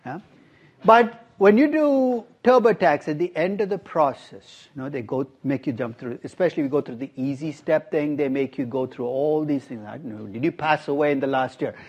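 A man's voice: fairly high pitch, moderate pace, a little mellow, dull audio. A middle-aged man giving a classroom lecture as a professor, quizzing his students and dropping wry asides. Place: university classroom.

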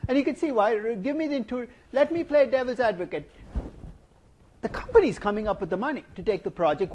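A middle-aged man giving a university finance lecture, animated and playful, asking the class rhetorical questions. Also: extremely high pitch, a little fast, a little hiss or hum. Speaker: finance professor. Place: lecture hall.

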